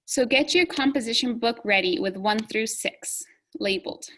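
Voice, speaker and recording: A woman teaches young children a phonics lesson, sounding out letters and words slowly and clearly. Her voice is a little high with a fairly bright tone, and the audio is poor.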